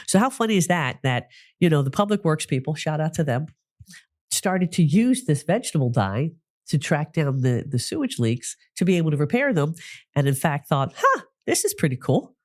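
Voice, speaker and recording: A man's voice: on the high side, darkish tone, no echo, studio quality. A man from New Jersey hosting a podcast, telling stories in a chatty solo talk with frequent restarts. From New Jersey, United States. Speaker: podcast host, psychic medium.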